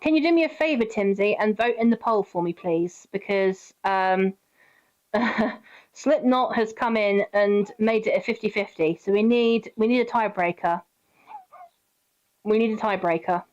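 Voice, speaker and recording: A woman's voice: mid-range voice, a little slow, darkish tone. Chatty British woman streamer, lo-fi mic. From Britain. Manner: chatty, giggly, talks to chat by name. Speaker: game streamer. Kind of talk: casual live-stream chat with viewers.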